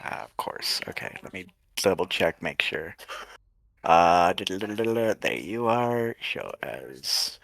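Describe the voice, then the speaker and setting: Low-voiced male game master. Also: animated, takes it slowly, vocal fry, fairly bright tone, dry recording. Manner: laughs often, self-deprecating. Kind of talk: running a tabletop game.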